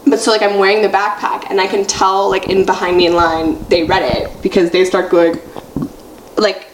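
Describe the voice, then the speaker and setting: A woman's voice: mid-range voice, level tone, moderate pace. A young American woman co-hosting a podcast, chatting casually and rambling with lots of "like" and laughter. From United States. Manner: rambling, laughing, heavy use of "like". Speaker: podcast co-host. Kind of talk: casual chat. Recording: echoey room with faint noise.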